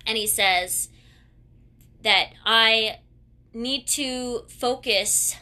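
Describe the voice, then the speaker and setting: A woman in her mid-twenties talks through a personal story, her voice bright and forward. She rambles and restarts her sentences, candid and unpolished. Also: on the high side, extremely slow. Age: 20s. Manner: rambling, self-correcting, candid.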